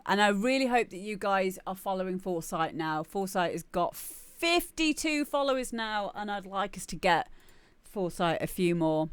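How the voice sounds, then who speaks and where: A woman's voice: medium pitch, clear, resonant tone, no echo. A woman talking casually on a live stream, chatty and repeating herself as she gives feedback on music. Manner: chatty, restarts and repeats words often.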